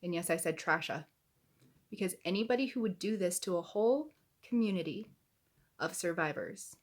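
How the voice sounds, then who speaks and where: A woman's voice: fairly low pitch, expressive, normal speed. Heated, indignant woman vlogger. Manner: angry, indignant, swears. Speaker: YouTube commentator. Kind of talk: heated reaction commentary.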